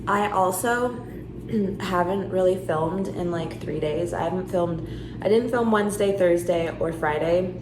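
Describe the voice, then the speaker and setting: A woman's voice: on the low side, unhurried. A woman chatting casually in a daily vlog, talking to viewers with plenty of "like" fillers. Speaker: vlogger. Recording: noticeable background noise.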